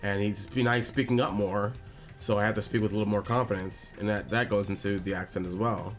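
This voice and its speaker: A man hosting a game stream in casual chat, halting and repeating his words, often laughing. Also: fairly low pitch, steady tone. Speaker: host of gaming stream. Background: faint game music.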